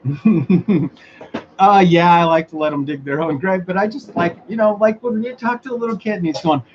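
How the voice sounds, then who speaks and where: A man's voice: sits high, moderate pace, darkish tone. Sarcastic man, lo-fi chatter. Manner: sarcastic, laughs often, swears freely. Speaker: host of a motorized bicycle talk show. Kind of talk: casual solo chat. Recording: dull lo-fi sound with faint background noise.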